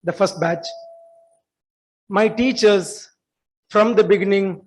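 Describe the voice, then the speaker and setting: A man in his forties with an Indian English accent, giving an earnest welcome speech in an auditorium, halting with fillers and restarts. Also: high-pitched, darkish tone, poor audio. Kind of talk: formal welcome speech at an alumni meet.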